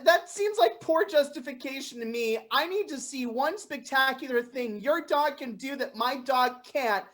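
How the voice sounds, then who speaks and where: A young woman playing a high, excitable dog owner. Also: normal speed. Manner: animated, bursts into shouting. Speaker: improv comedy performer.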